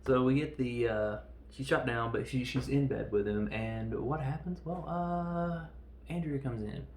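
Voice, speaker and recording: Gravelly man rambling in a roomy room. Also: medium pitch, measured pace, darkish tone, slight background noise. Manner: joking, self-deprecating, loose. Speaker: podcast host reviewing a film. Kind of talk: casual rambling film review. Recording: roomy echo.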